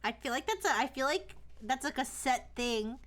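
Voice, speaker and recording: A woman's voice: sits high, lively intonation, normal speed, fairly bright tone. A young woman streamer chatting casually, with a lot of "like" fillers. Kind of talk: casual chat.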